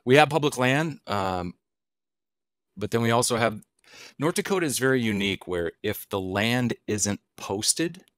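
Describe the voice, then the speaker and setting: A middle-aged wild game chef chats casually as a podcast guest, an easygoing storyteller who poses questions and answers them himself. His mid-range voice has lively intonation and a measured pace, and the recording is dry.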